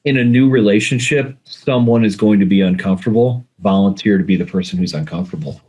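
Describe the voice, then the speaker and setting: A man's voice: fairly low pitch, quick pace, darkish tone, slightly rough, muffled recording. A man speaking as a communication coach and guest, giving emphatic, direct advice in a conversational way.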